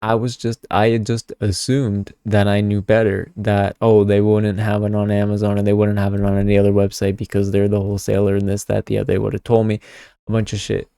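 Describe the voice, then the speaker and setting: A man's voice: lowish voice, monotone, fairly quick, gravelly, dark tone, clean tone, no echo, studio quality. A young man telling a story to camera in casual vlog chat, swearing freely and tagging lines with "okay?". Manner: chatty, swears a lot, keeps adding "okay?". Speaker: tarot vlogger.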